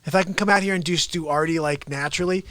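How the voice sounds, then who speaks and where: A man hosting a casual livestream, talking in rambling quick asides. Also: fairly high pitch, a bit bright, no echo. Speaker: host and impressionist.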